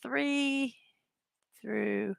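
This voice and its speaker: A woman hosting a daily morning show in a casual, upbeat, chatty way, reading puzzle words slowly one at a time and greeting her viewers. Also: a little high, vocal fry, clean tone, no room sound. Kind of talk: casual livestream chat, reading puzzle words and memes aloud.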